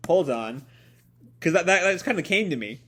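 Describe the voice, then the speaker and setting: A man's voice: fairly high pitch, expressive, normal speed, fairly bright tone. Stuffy-nosed young man rambling a reaction. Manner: rambling with many ums and self-corrections. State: stuffy nose, tired late at night. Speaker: manga reaction host. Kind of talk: live manga chapter reaction.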